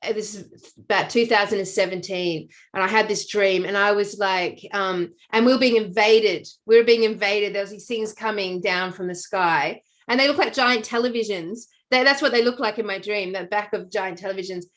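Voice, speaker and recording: A middle-aged Australian woman telling a long story in casual chat, animated and rambling with many fillers and restarts. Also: medium pitch, moderate pace. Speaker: podcast co-host.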